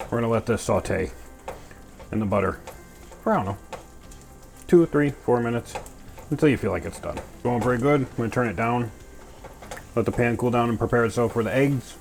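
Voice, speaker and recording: A man's voice: medium pitch, a little hiss or hum. A man cooking in his home kitchen and talking through each step in a goofy, chatty way, full of playful sound words. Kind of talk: casual cooking narration. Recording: music clearly under the voice. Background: music and clattering pans.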